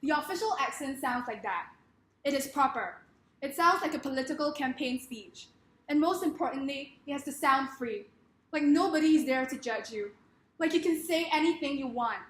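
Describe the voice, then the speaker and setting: In an echoey room, a young woman with a Singaporean accent speaks in a high, slightly bright voice with lively intonation and a moderate pace. It's a humorous speech, delivered playfully and mock-grandly, with laughs between lines.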